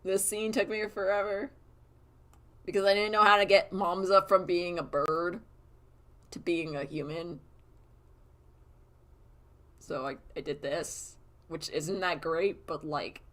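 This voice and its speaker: A woman's voice: fairly low pitch, steady tone, a little slow, pauses often, a bit bright. A woman chatting casually on a live stream about her animation work, giggly and swearing freely. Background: song playing faintly.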